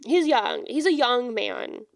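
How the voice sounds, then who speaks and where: A woman's voice: fairly high pitch, animated, slow pace, gravelly, no echo, clean studio sound. A young woman co-hosting a podcast, chatting casually about a book and acting out characters in slangy paraphrase. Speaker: podcast co-host.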